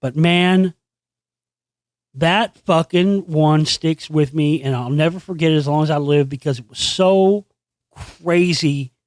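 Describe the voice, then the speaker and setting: Male host, higher-pitched, dry close sound, foul-mouthed sarcastic rant. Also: unhurried, dry recording. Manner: profane, sarcastic, animated storytelling. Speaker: channel host. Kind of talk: ranting monologue.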